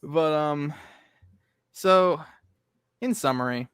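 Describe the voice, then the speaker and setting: A man's voice: fairly high pitch, takes it slowly, a bit bright, smooth, no echo, clean studio sound. A man hosting a casual comic review chat, rambling with many fillers and laughing often. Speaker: podcast host.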